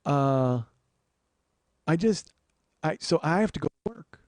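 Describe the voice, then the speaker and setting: A man hosting a comedy podcast, telling an exasperated, profane story that swings from low muttering to loud outbursts. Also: lively intonation, slow pace, no echo. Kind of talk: storytelling monologue.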